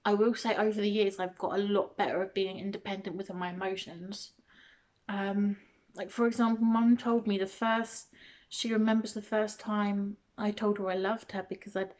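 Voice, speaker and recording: A young woman vlogging, answering questions to the camera in a hesitant way, with many ums and restarts and small laughs. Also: mid-range voice. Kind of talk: casual talk to camera.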